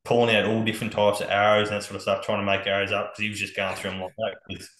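A man's voice: on the low side, completely flat delivery, rapid-fire, a bit bright, reverberant, rough recording. An Australian man telling hunting-camp stories as a podcast guest, laid-back and swearing freely. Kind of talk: casual storytelling on a podcast.

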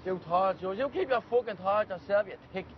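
An actor plays a hot-tempered young gang member with a high voice who snaps back defensively. The sound is dull, with clear background noise. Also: male voice, fairly quick, natural voice. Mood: angry. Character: edgy young male Dublin gang member.

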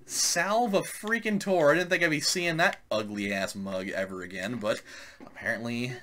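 A man's voice: fairly low pitch, moderate pace, pushed and bright. A man hosting a let's play, telling rambling stories over gameplay and laughing often. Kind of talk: casual gameplay commentary.

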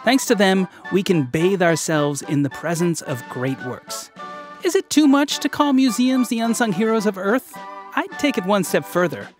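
A man's voice: high-pitched, very animated, moderate pace, soft background music. A man debating on a kids' podcast with a dramatic, grand delivery.

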